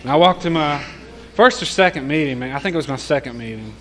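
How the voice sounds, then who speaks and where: A man's voice: on the high side, animated, fast. A man sharing his recovery story in casual, profane storytelling, often laughing as he talks.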